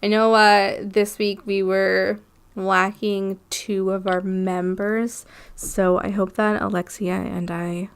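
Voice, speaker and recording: A woman co-hosts a relaxed podcast and speaks at a slow, drawn-out pace. Her voice sits in an ordinary middle pitch. She fills pauses with ums and laughs often. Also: gravelly, smooth. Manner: unhurried, with frequent ums and laughter. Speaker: podcast co-host. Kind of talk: casual podcast chat.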